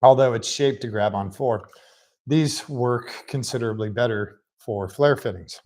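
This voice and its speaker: A man's voice: medium pitch, measured pace, darkish tone, poor audio. Chatty man rambling in his garage. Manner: chatty, rambling, self-mocking. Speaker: mechanic showing a repair. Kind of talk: casual workshop vlog. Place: home garage workshop. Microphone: laptop on a rolling stool.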